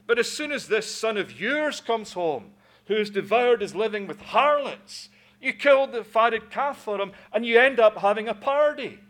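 A preacher acting out a sulking jealous elder brother. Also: male voice, on the high side, a little slow, few pauses, bright, forceful tone, full character voice. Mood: indignant. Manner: petulant, indignant protest.

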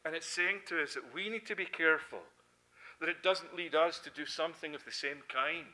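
Bright-voiced Scottish preacher. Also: male voice. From Scotland. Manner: earnest, rising to emphatic peaks then dropping low. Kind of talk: sermon.

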